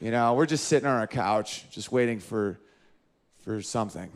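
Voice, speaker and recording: A man in his thirties doing an animated stand-up comedy routine, jumping in and out of character voices. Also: moderate pace. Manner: animated, jumps into high-pitched character voices.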